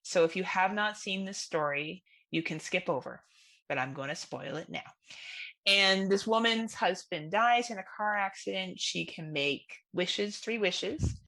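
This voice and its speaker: A woman's voice: mid-range voice, a little slow, vocal fry, sharp tone. A woman co-hosting a horror podcast, chatty and enthusiastic in casual talk. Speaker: podcast co-host.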